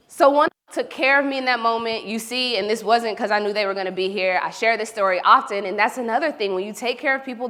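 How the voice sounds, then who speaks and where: A woman from Oklahoma, giving an animated, storytelling keynote speech and talking straight to the audience. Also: on the high side. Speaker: keynote speaker. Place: large hall. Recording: reverberant event hall.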